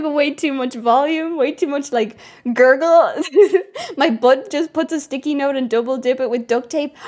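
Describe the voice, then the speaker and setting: A woman's voice: sits high, darkish tone. A woman game streamer chatting casually to her viewers, scatterbrained and laughing often as she thanks members. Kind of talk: casual live-stream chat.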